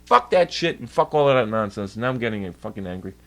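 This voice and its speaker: A man's voice: on the low side, animated, brisk, a bit bright. A man livestreaming and ranting in a heated, profane way to his chat. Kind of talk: casual livestream rant.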